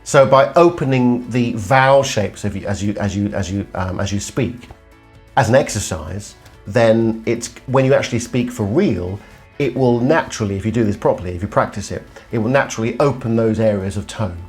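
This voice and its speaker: A man's voice: fairly low pitch, moderate pace, soft background music. A middle-aged male voice coach teaching vocal exercises, demonstrating hums and sung tones as he explains. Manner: demonstrative, hums and sings examples.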